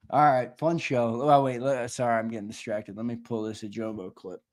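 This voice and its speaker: A man's voice: mid-range voice, little pitch movement, moderate pace. A man hosting a sports show in casual livestream chat, brash and profane. He reads and answers the live chat, laughs often and repeats himself. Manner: brash and profane, with trash talk.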